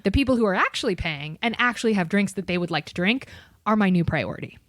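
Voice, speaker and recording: Animated, expressive woman podcast host. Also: mid-range voice, fast, dry recording, clean studio sound. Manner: animated, profane, acts out every character in the story. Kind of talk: casual storytelling chat.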